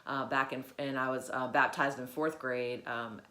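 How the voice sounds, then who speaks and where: A woman with a low voice shares a personal reflection on her faith, pausing often and filling gaps with soft hesitations. The room around her is echoey, so her voice rings a little off the walls. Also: fairly even intonation. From Virginia, USA. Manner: halting, many fillers, grows emotional. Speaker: vlogger.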